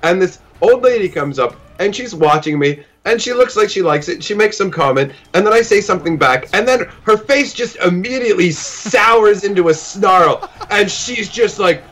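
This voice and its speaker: Man from canada, high voice, animated storyteller, casual guest chat. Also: normal speed, hardly any pauses. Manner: animated, jumps up high when telling stories. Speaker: stream guest.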